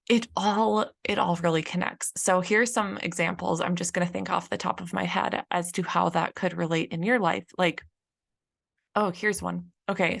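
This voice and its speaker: A woman's voice: lowish voice, vocal fry. A young woman hosting a casual solo podcast, talking in a chatty way with lots of fillers and acted-out quotes. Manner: chatty, many fillers, acts out frustrated quotes. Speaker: podcast host and business coach.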